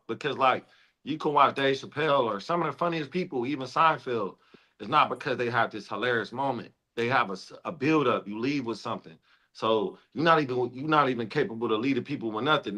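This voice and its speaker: A man who works as a comedian, talking in an earnest, fast, street-smart way in a casual chat. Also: medium pitch, sharp tone. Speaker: comedian guest.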